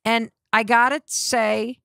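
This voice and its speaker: A middle-aged woman hosting a podcast, telling a personal story with lively acted-out quotes of the people in it. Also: a little high, slow, clear, resonant tone, dry recording, studio quality. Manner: acts out quoted voices of family and ranger. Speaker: podcast host.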